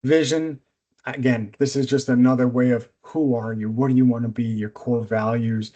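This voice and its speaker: A middle-aged man presenting a business seminar as a coach, speaking in a direct, energetic, instructive way. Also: medium pitch, moderate pace, lo-fi sound.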